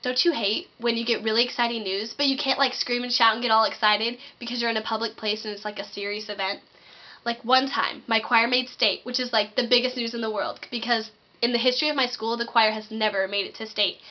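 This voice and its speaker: A woman's voice: on the high side, fairly even intonation, fairly quick. A young woman in her late teens doing a chatty comedic rant to camera, full of "like" and acted-out quotes. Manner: chatty, lots of "like", acts out quoted voices. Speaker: vlogger. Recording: muffled lo-fi recording.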